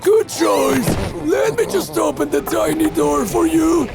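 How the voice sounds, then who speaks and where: A performer voicing a lizard priest who booms out a hammy fake-evil act in a fan-made abridged anime comedy. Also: lively intonation, a little slow, gravelly, loud music behind the voice, exaggerated voice. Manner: booming, theatrical and hammy. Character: scheming lizard priest hamming up an evil old pope.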